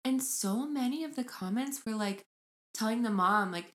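A young woman co-hosting a casual podcast, chatting and reading a story aloud with lively mimicry of voices. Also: medium pitch, moderate pace. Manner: animated, mimics voices when retelling. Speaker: podcast co-host.

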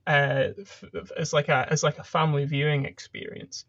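A man's voice: fairly high pitch, flat delivery, moderate pace, fairly bright tone, dry recording, muffled recording. A man co-hosting a casual faith-based podcast, joking and self-mocking while stumbling over his words. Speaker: podcast co-host.

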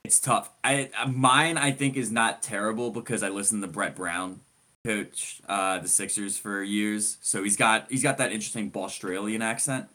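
Man, lowish voice, podcast co-host, enthusiastic rambling sports recap. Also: fairly even intonation, moderate pace, sharp tone. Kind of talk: casual sports podcast chat.

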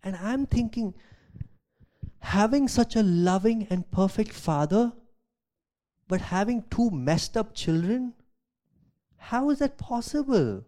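A man, a pastor, preaching a sermon, reading scripture aloud and asking rhetorical questions, swinging from loud emphasis to quiet asides. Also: high voice, animated, slow pace. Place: church.

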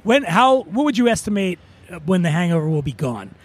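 A man's voice: sits high, sing-song, a little fast. A man hosting a podcast, interviewing people at an outdoor beer festival with a handheld mic and teasing his co-host. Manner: teasing, jokey. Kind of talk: casual on-site interview.

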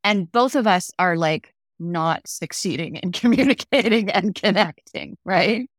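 A woman's voice: fairly low pitch, unhurried, no room sound, clean studio sound. A middle-aged woman talking as a podcast guest, telling personal stories and acting out the lines she quotes. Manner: reflective, acts out quoted dialogue. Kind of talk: conversational interview storytelling.

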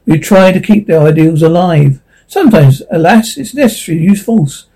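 A smooth, ingratiating colony official, read by a man with a high, husky voice. He stays courteous and reassuring throughout. The tone is mellow and dark. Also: expressive, moderate pace, low-quality recording. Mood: soothing. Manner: polite, soothing.

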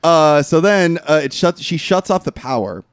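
A man co-hosting a podcast, recapping a film in casual chat, rambling and animated with lots of fillers. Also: fairly high pitch, moderate pace, clean tone, no room sound. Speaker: podcast co-host.

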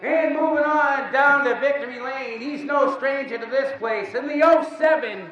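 A man announcing race winners, booming and calling out names. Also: normal speed, fairly bright tone. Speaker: track announcer. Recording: echoey distant PA, dull, faint crowd.

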